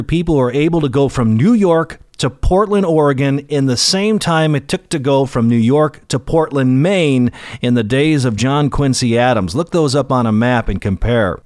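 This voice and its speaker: A man's voice: medium pitch, lively intonation, moderate pace, dry recording, clean studio sound. A man hosting a history show, telling the story in an emphatic, folksy way. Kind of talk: scripted history narration.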